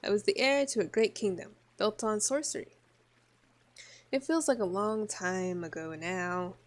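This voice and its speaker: A languid noble countess speaks in a slow, drawn-out, mock-regal manner, as a woman puts her on. Her voice sits at a middling pitch, read for a visual novel played aloud. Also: lightly acted. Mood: wistful.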